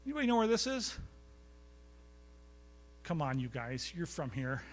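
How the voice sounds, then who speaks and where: A man's voice: a little high, sing-song, normal speed. A man giving a storytelling lecture to a live audience in a college recital hall, chatty and anecdotal, often quizzing the crowd. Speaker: guest speaker.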